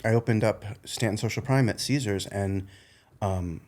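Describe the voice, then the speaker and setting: A man with a slight New England accent tells kitchen-business anecdotes in an easy, animated way. His voice sits a little low, and he breaks into laughter as he talks. It is a casual podcast conversation. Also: normal speed. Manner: animated, laughs through anecdotes, frequent restarts. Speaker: chef and restaurateur, podcast guest.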